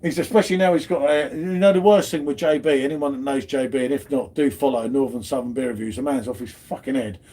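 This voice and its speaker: A man's voice: medium pitch, fast, few pauses, warm tone, breathy edge. A man hosting a casual live beer stream from home, bantering, swearing and greeting viewers in chat. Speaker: beer channel host.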